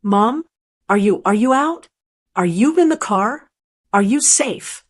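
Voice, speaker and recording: A woman's voice: medium pitch, expressive, slow, slightly rough. A woman narrator voicing an adult daughter on the phone, urgent and emphatic. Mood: worried.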